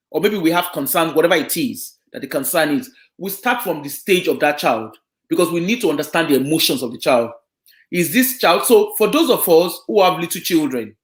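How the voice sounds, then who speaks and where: A man with a high and very lively voice talks parents through an idea, often stopping to check that they follow him. He works with children and families, and the recording sits in an echoey room. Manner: explanatory, checks in with listeners. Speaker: children and family social worker. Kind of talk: community talk on parenting.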